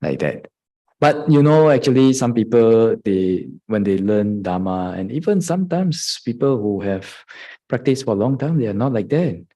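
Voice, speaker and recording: Speaking at normal speed in an expressive, dark-toned, mid-range voice, a Buddhist monk delivers a meditation dharma talk over poor audio. Frequent chuckles punctuate it as he voices his students' lines and asks "huh?" to check in.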